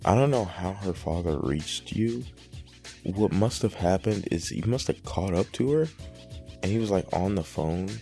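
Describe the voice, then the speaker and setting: A man's voice: deep voice, animated, moderate pace, dark tone, soft background music. A man hosting reaction commentary, exasperated and rambling with many fillers. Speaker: commentary host.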